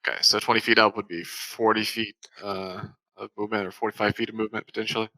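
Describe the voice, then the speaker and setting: A man's voice: lowish voice, little pitch movement, fast talker, pushed and bright, rough recording. A man playing a tabletop game, thinking aloud hesitantly with ums and uhs. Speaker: player.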